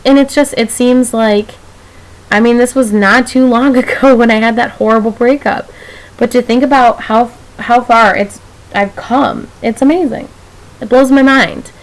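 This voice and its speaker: A woman's voice: fairly high pitch, steady tone, normal speed, low-quality recording. A young woman talking to camera in a casual vlog, rambling and emotional, laughing often as she talks. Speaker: vlogger.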